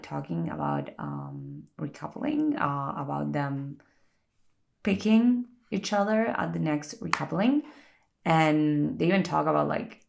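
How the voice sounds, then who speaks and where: A woman vlogger chatting casually while getting ready, chatty and animated, with lots of "like" fillers. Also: sits low, gravelly. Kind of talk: casual get-ready-with-me chat.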